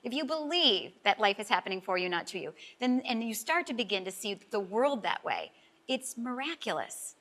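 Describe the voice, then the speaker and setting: A woman's voice: on the high side, big pitch swings, normal speed, fairly bright tone. A middle-aged woman, a life coach guest, telling an emotional personal story in a talk-show interview, earnest and heartfelt and close to tears at times.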